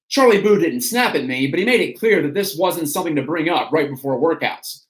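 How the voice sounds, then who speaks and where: A man's voice: fairly high pitch, brisk, hardly any pauses. Man reading a memoir aloud in an echoey room. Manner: steady, storytelling read. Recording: roomy echo.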